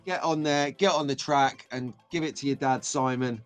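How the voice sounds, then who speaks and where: A middle-aged British man hosting a casual live stream, chatty and excitable, greeting viewers by name. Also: medium pitch, normal speed, soft background music.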